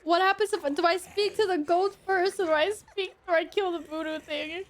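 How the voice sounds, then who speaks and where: A woman's voice: very high voice, steady tone, moderate pace, a little hiss or hum. A young woman streamer giving casual gameplay commentary, chatty and easily amused, talking back to the game.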